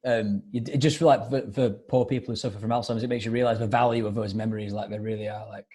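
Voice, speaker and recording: A man's voice: lowish voice, fairly even intonation, fast talker, darkish tone. A man with an English accent, chatting as a guest musician on a video call, rambling and laid-back, cursing freely. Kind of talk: casual chat.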